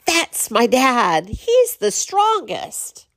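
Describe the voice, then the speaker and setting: A woman voicing a proud little kindergarten boy who boasts with a slight lisp, speaking slowly in a sing-song way. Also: sits high, huge pitch swings, vocal fry, a bit bright, dry recording, voice pushed up, exaggerated voice. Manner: slow, lisping, sing-song.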